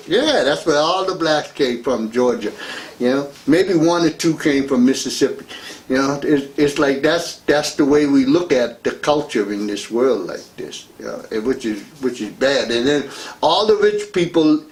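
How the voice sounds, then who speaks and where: A man hosting a talk radio show, rambling through a casual monologue and laughing between remarks. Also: on the high side. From United States. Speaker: radio host.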